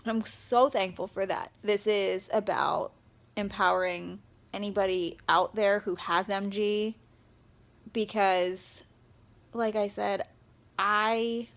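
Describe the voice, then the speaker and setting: A young woman talking straight to camera in a personal vlog, upset and close to tears, speaking haltingly with many pauses and fillers. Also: mid-range voice, steady tone, creaky, fairly bright tone. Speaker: vlogger.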